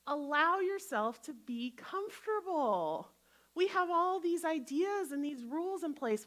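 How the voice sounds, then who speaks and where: A woman guest minister, giving an animated sermon in a church and acting out inner voices. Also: high-pitched, unhurried. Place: church sanctuary.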